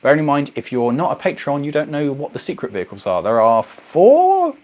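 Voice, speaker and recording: A man hosting a casual livestream, chatting to viewers in a rambling, animated way. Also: fairly high pitch, a little fast. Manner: rambling, animated, goes off on tangents. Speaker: livestream host. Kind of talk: casual chat reading viewer comments.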